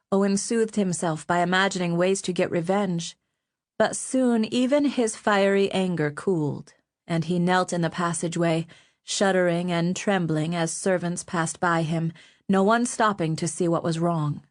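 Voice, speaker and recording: A woman reading an audiobook in a measured, steady storytelling manner. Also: on the low side. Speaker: audiobook narrator. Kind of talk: scripted audiobook narration.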